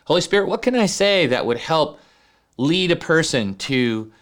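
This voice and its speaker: Guy preaching a sermon, gets loud and high on key words, keeps asking "right?". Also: normal speed. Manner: animated preaching, rising to high emphatic peaks, frequent "right?". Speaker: pastor.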